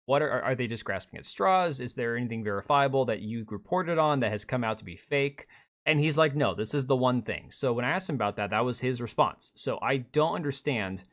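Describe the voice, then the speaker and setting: A man's voice: mid-range voice, animated, a little fast, hardly any pauses, fairly bright tone. A man streaming a reaction to a video, talking sarcastically, swearing and mocking the speaker in whiny quotes. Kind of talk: live stream reaction commentary.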